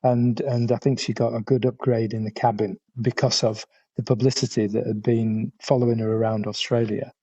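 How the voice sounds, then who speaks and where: Mellow-voiced man on dull lo-fi audio. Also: mid-range voice, level tone, husky, no echo. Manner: measured, a little hesitant. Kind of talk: conversational commentary. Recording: dull lo-fi recording.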